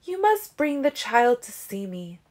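A woman voicing a wild female vampire from the rainforest, speaking slowly and insistently. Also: a little high, very animated, a little mellow, pitched above the performer's own voice.

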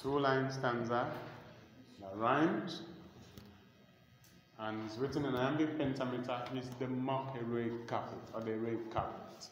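Male lecturer, deliberate and repetitive, recorded in a reverberant hall. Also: medium pitch, steady tone, highs cut off, slight background noise. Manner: slow, repeats key terms to dictate notes. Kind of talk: classroom lecture. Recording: echoey hall with faint ambience.

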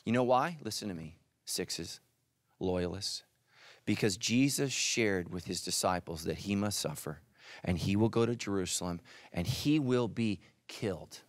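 A man preaching a sermon as pastor, animated and speaking straight to his listeners. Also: on the low side, unhurried, no room sound. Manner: animated, addresses listeners directly.

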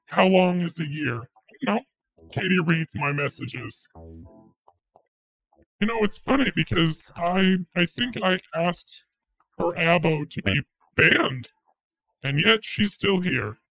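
A man on a livestream joking in a slow, drawling, mock-grand way. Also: a little high, expressive, gravelly, fairly bright tone, poor audio. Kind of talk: comedic stream chat.

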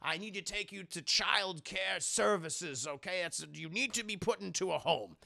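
A man voicing a grumpy, crusty old man who blusters but softens. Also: sits high, moderate pace, vocal fry, exaggerated voice. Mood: gentle. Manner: blustery, exasperated outbursts.

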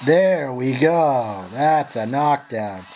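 A man's voice: medium pitch, animated, takes it slowly, a little mellow, a little hiss or hum. Frustrated man swearing through gameplay. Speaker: gameplay commentator. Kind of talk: profane live gameplay commentary.

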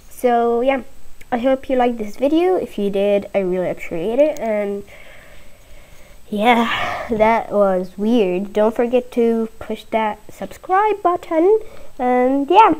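A woman giving playful gameplay commentary, giggly and easily panicked, bursting into shrill cries of no. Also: low-quality recording. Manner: excitable, breaks into high panicked shrieks of "no"; giggly and playful between outbursts. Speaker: gaming video host.

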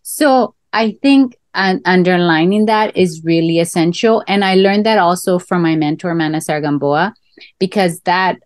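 A woman's voice: on the low side, normal speed, clean tone, dry recording. A woman artist answering interview questions in a reflective, heartfelt way, often with the filler "right?". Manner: reflective, talks through garden analogies, becomes tearful. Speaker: guest artist.

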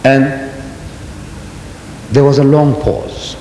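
A man in his seventies giving a lecture to an audience, telling stories in an animated way and firing off rhetorical questions. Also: extremely slow. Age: 70s. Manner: animated storytelling, rhetorical questions, emphatic jumps in pitch. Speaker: Islamic lecturer. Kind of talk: lecture delivered to a live audience. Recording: roomy hall reverb, faint background rumble.

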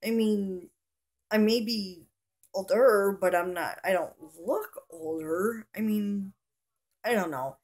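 A woman's voice: mid-range voice, slow, a little mellow. A middle-aged woman vlogging to camera, telling a story in a chatty, indignant, rambling way with lots of fillers.

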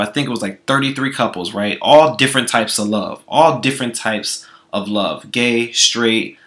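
A man's voice: medium pitch, bright, forceful tone. A man giving comedic commentary to camera, sassy and profane, calling everyone girl. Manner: sassy, profane, calls listeners girl constantly. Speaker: vlogger.

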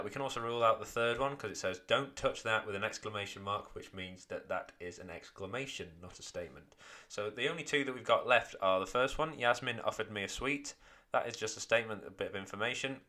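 Bright-voiced male teacher. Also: fairly low pitch. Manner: clear, step-by-step explaining. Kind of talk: exam walkthrough lesson.

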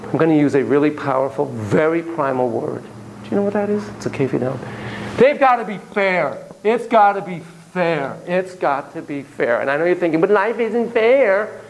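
Lively, joking male lecturer. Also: fairly high pitch, fairly quick, gravelly, slight background noise, low-quality recording. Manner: animated, jokey, acts out examples. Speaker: psychology lecturer. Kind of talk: classroom lecture.

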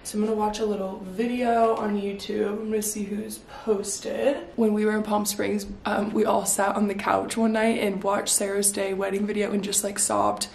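A chatty young woman talks to her camera at home, excitable and full of fillers. Her voice has a gravelly, fried edge. The room rings with echo, with a faint hiss behind. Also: mid-range voice, moderate pace, hardly any pauses. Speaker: vlogger. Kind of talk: casual vlog chat.

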